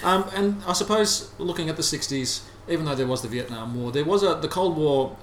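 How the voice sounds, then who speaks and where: A man co-hosting a casual podcast discussion, musing reflectively with halting restarts. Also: on the high side, lively intonation. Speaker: podcast co-host. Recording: roomy sound with faint background hiss.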